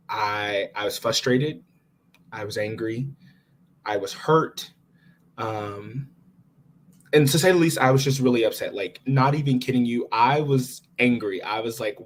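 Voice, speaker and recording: A man's voice: mid-range voice, moderate pace, a little hiss or hum. A young man in his twenties, a podcast guest, telling his story casually and with feeling, quoting his own thoughts. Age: 20s. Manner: animated, expressive retelling with quoted inner thoughts.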